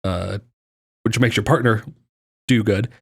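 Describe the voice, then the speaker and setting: A man's voice: lowish voice, steady tone, measured pace, vocal fry, breathy edge. A man co-hosting a gaming podcast in casual chat, speaking bluntly and emphatically with some swearing. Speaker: podcast co-host.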